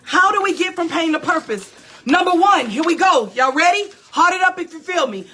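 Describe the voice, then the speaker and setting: In an expressive voice that sits high and rings bright, a woman pastor speaks at normal speed, delivering a motivational talk like a sermon. She repeats phrases emphatically and keeps calling out to listeners.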